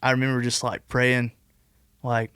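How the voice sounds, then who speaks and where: Young man, podcast guest, rambling casual storytelling, mid-pitched voice, dry room. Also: monotone, moderate pace, a bit bright, clean tone, dry recording. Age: 20s. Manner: rambling, heavy use of "like" and restarts.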